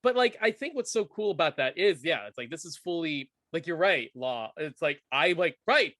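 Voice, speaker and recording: A young man co-hosting a casual film chat, excitable and acting out little quotes as he talks. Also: fairly high pitch, normal speed, no echo. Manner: excitable, acts out quotes with laughter. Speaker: podcast co-host.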